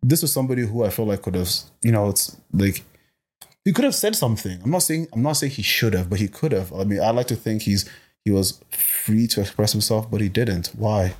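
Young man from Botswana, lowish voice, guest in a casual chat, emphatic, animated, restarts his words. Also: brisk, slightly rough. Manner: emphatic, animated, repeats words while thinking. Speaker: guest, personal trainer.

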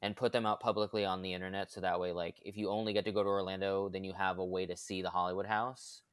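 A man co-hosting a podcast in a casual group chat, talking in a relaxed, rambling way with fillers. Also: low-pitched, quick pace, clear, resonant tone, no room sound. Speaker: podcast co-host.

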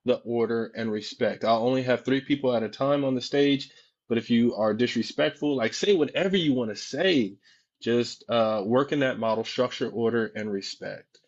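A man hosting a live social media discussion, asking probing questions in a calm, reassuring way. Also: mid-range voice, moderate pace. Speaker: host. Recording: dull lo-fi audio.

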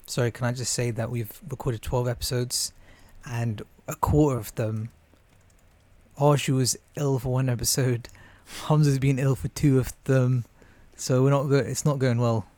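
Jokey mid-pitched podcast host man. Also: fairly even intonation, moderate pace, darkish tone, no echo. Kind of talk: casual podcast intro and chat.

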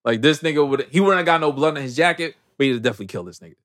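Male podcast host, casual slangy recap, higher-pitched and very expressive delivery. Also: very fast. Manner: animated, slangy storytelling.

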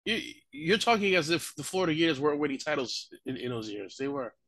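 Fast bright-voiced man teasing. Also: fairly high pitch, animated, no echo. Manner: quick teasing jabs. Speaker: sports podcast co-host. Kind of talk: casual sports debate.

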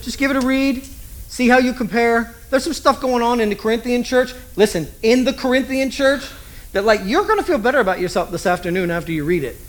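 A man with a notably high voice delivers a sermon as a pastor. He talks in a loose, conversational way, cracks jokes and keeps putting rhetorical questions to his listeners. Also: fairly quick.

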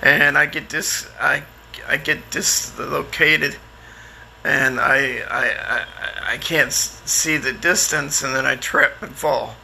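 Bright, gravelly-voiced middle-aged man. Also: medium pitch, fairly even intonation, slow pace, slight background noise. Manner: rambling, with frequent restarts and fillers; candid and plainspoken, sometimes swears. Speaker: man telling his life story. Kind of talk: casual personal storytelling.

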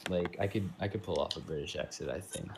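A man's voice: deep voice, fast, vocal fry, slight background noise. A young man chatting casually with friends, laid-back, dropping "like" into almost every sentence. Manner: laid-back, says "like" a lot, laughs easily. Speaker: musician and co-host. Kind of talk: casual chat among friends.

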